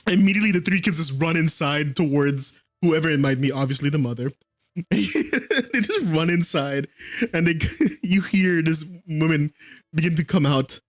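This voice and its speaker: A man's voice: fairly high pitch, animated, normal speed, soft background music. A man narrating as game master of a tabletop game, laughing often as he talks.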